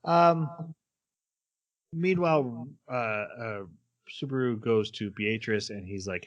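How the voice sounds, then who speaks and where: A man's voice: mid-range voice, slow pace, pauses often. Man rambling through a plot recap. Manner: rambling plot retelling with fillers and laughs. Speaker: podcast co-host. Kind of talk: casual anime recap chat.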